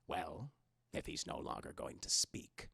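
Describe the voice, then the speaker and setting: A man voicing a gruff, terse male bounty hunter with a gravelly, low, clipped voice. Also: very animated, bright, forceful tone, dry recording, clean studio sound, heavily acted. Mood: menacing. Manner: slow, half-whispered menace.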